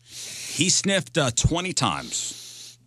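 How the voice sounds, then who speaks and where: A man's voice: on the high side, wildly swooping pitch, very slow, fairly bright tone, slight background noise. A man hosting a radio show, chatting casually and joking as he reads out news items.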